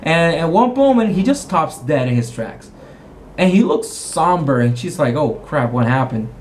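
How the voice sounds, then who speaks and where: A man who is a game master, casually recapping a tabletop roleplaying session in a rambling, animated way with frequent restarts. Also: fairly high pitch, normal speed, a little hiss or hum.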